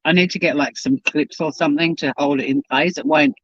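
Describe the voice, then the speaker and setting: A man with a voice pitched a little high chats away on his live-stream, rambling from one thing to the next between bites and talking with his mouth full. The sound is dry and close, with a slightly muffled, lo-fi camera-mic quality. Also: fairly even intonation, brisk, a bit bright, dry recording. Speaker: YouTube channel host. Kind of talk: casual live-stream chat while eating. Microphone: home live-stream camera mic.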